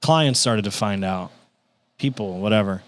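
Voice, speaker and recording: Animated man telling a comedy story. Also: on the low side, unhurried. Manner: animated, acts out quotes with profanity. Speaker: podcast guest, stand-up comedian. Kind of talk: casual storytelling.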